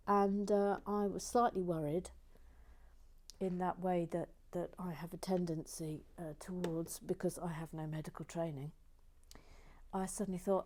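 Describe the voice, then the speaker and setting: Rambling, soft-spoken woman. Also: on the low side, steady tone, unhurried. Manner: rambling, self-mocking, often drops to a whisper. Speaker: host. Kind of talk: casual chat while building a model kit.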